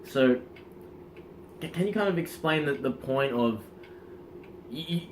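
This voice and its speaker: A man coaching in casual instructional talk, energetic and demonstrative, often checking in with the listener. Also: mid-range voice, a little slow, long pauses. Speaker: self-improvement coach.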